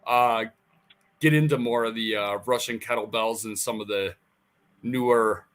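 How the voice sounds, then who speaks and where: A man co-hosting a podcast, asking his questions haltingly with lots of fillers. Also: mid-range voice, steady tone, a bit bright, soft background music. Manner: hesitant questioner, many fillers. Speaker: podcast co-host. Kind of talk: casual chat.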